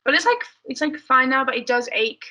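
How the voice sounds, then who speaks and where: A woman's voice: high voice, expressive, fairly quick, bright, forceful tone, highs cut off. A young woman with an English accent, chatting casually as a podcast guest, mumbly with lots of fillers. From England. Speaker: guest athlete.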